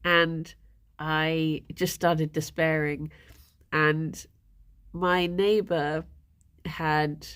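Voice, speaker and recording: A woman's voice: sits low, a bit bright. A woman, livestreaming and chatting casually with viewers, rambling and laughing often.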